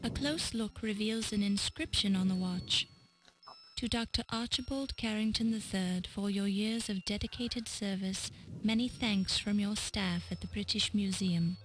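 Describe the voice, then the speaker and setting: A woman's voice: medium pitch, unhurried, faint music behind, natural voice, rough recording. Woman as a dry adventure game narrator.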